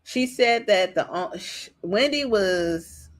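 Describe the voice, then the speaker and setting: A woman's voice: medium pitch, expressive, slow pace. A woman hosting a casual reality TV commentary, rambling with frequent ums and restarts.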